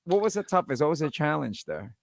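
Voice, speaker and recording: A man hosts a radio interview with easy, playful banter, slipping into mock accents for fun. His voice sits on the high side, and the studio sound is close and dry. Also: big pitch swings, fast talker, gravelly, no room sound. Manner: playful, jokey, imitates guests' accents. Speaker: radio host. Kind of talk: casual interview chat.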